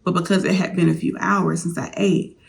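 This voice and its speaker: A woman's voice: on the low side, fairly even intonation, brisk, gravelly. A woman vlogger candidly telling a personal story, confiding straight to her viewers.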